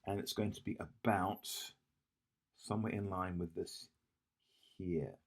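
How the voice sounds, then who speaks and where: Deep-voiced math tutor man, thinking aloud. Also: a little mellow. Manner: thinking aloud, self-correcting, frequent "yeah?" checks. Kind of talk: whiteboard exam walkthrough.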